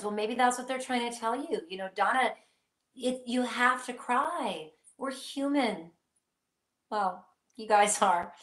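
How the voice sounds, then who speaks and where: A woman's voice: fairly high pitch, fairly bright tone, roomy sound. A woman hosting a live psychic question-and-answer stream, speaking earnestly and reassuringly straight to her viewers.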